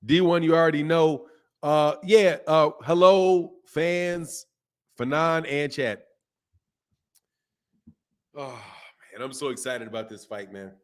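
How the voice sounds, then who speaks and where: A man's voice: fairly high pitch, slow pace, long pauses. A man hosting a casual live stream about boxing, talking in slang and reacting to chat comments. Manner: animated, slangy, reads chat comments aloud. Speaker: boxing channel host.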